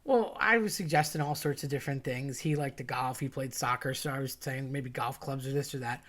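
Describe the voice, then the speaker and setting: Woman, casual storyteller, chatty and animated. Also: a bass voice, fairly quick. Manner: chatty, animated, acts out quoted voices.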